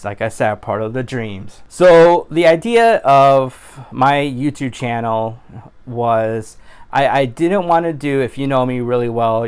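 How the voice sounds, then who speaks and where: A man's voice: medium pitch, smooth. Earnest rambling man vlogging. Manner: rambling and earnest, with frequent restarts; animated exclamations of his catchphrase. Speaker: YouTuber. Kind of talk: casual vlog monologue.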